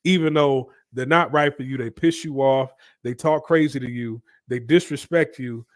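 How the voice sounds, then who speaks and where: A man's voice: medium pitch, moderate pace, no echo. A man hosting casual reaction commentary, lecturing with stammered restarts and rhetorical questions.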